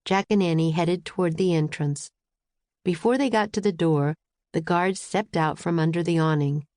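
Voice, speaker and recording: A woman narrating a children's audiobook with clear storytelling, recorded close in a studio. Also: lowish voice, moderate pace, a little mellow, dry recording. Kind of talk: scripted narration.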